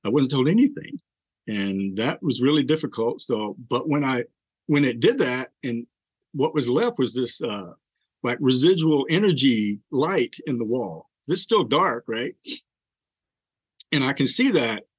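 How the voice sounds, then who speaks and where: A man's voice: medium pitch, animated, a little slow, husky, no echo, highs cut off. An older man, a podcast guest, earnestly telling an emotional personal story with fillers and restarts.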